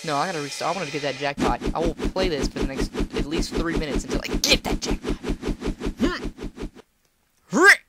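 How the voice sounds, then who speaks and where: A woman's voice: low voice, big pitch swings, fairly quick, long pauses, loud music behind the voice. A young woman commentating a game at home, talking to the screen with playful outbursts and teasing. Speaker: gameplay commentator. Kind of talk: casual let's-play commentary. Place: home room.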